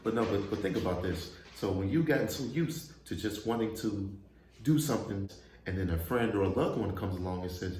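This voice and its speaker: Laid-back, low-voiced man chatting about cartoons. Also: brisk, a little mellow. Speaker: host. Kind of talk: casual reaction commentary. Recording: echoey room, faint noise.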